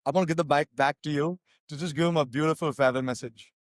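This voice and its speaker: A man co-hosting a casual football podcast, talking in an excitable, chatty way with lots of fillers. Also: on the high side, fast, no room sound. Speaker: podcast co-host.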